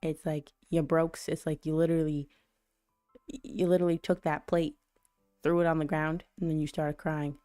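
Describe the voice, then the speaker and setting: A woman with a low, mellow voice rambles through a relaxed faith chat on her stream. She keeps it loose and conversational, with plenty of "you know" and a laugh at her own expense. Soft music plays faintly behind her. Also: moderate pace. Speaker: channel host. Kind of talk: casual faith reflection on a livestream.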